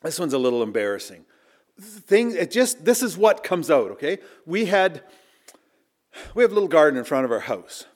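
A middle-aged male preacher with a voice sitting a touch above the usual male range. He tells his story in an earnest, storytelling way. He leans loudly into the emphatic lines, then falls to a near-murmur for the asides. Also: on the high side, sing-song, normal speed. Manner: earnest, swinging between loud emphasis and hushed asides. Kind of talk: storytelling sermon. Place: chapel.

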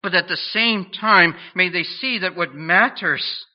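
A man preaching a sermon in an earnest, questioning way, pausing between phrases. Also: sits high. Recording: dull lo-fi sound.

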